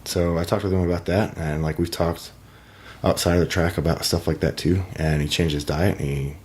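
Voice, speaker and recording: A man's voice: deep voice, fairly even intonation, a little fast, a little mellow. A young man from Wisconsin, a podcast guest, chatting casually and laughing often. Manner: laid-back, laughs often. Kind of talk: casual chat.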